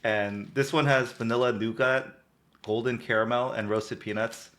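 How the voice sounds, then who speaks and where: A man's voice: medium pitch, steady tone, moderate pace, fairly bright tone, a little hiss or hum. A man co-hosting a podcast in a casual, upbeat chat, laughing often. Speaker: podcast co-host.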